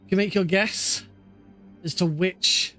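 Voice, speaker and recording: Man, casual live-stream chat, rambling, many fillers, slightly high voice, faint background music. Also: fairly even intonation, measured pace, pushed and bright.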